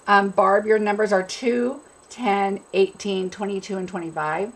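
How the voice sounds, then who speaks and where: An upbeat woman from California chats casually as she hosts a craft live stream, greeting viewers one by one. She has a cold, and a cough breaks through her voice now and then. Her voice sits at an ordinary middle pitch for a woman. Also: fairly even intonation, a little slow, vocal fry, rough recording. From California, USA. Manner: chatty and upbeat, greets and answers viewers by name.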